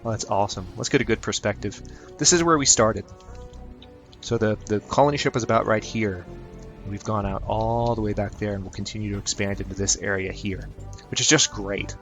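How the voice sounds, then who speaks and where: Man, lowish voice, casual let's-play commentary, chatty and upbeat, thinks aloud, faint music behind. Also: a little fast, fairly bright tone. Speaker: gameplay commentator.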